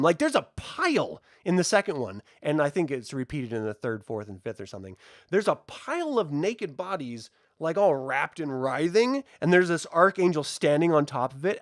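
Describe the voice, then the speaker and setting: A man hosting a casual spoiler film review, chatty and joking with an animated delivery. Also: on the high side, dry recording, clean studio sound. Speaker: host.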